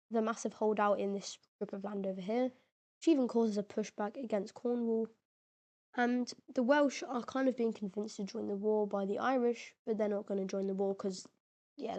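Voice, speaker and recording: Mellow-voiced woman casually narrating a map game. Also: medium pitch. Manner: chatty and informal, slangy, with many fillers. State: occasional voice cracks. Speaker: mapping video narrator.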